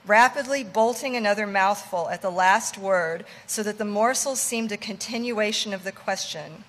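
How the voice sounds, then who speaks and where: A woman reading a classic novel aloud in a measured, plain narrating voice. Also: medium pitch, a bit bright, long reverb tail. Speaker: reader.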